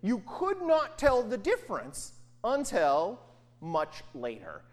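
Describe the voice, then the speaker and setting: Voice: medium pitch, takes it slowly. A pastor preaching in a casual, conversational way, often checking in with the listeners by asking "right?". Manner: animated, often asks "right?". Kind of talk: conversational sermon.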